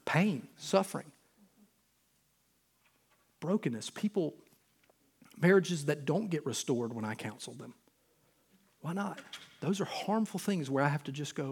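A male pastor preaching a sermon earnestly, moving between loud urgent stretches and quiet, intimate ones. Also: fairly high pitch, lively intonation, moderate pace, long pauses.

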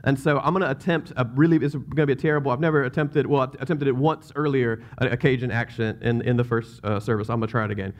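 A man's voice: medium pitch, fairly even intonation, fast, few pauses. A man with a Southern US accent preaching a sermon as pastor, in a casual, rambling way that keeps interrupting itself.

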